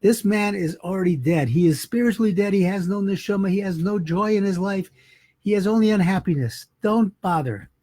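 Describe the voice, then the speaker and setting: A man voicing a poor but cheerful Hasidic man who speaks warmly. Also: high voice, a little fast, no echo. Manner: warm, cheerful.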